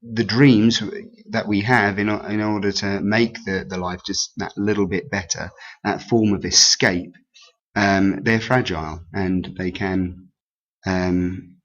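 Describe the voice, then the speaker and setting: Low husky man, hesitant lesson. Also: fairly even intonation, slow pace, fairly bright tone. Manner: hesitant, many ums and restarts. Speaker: teacher. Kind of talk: exam revision lesson. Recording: dull lo-fi sound.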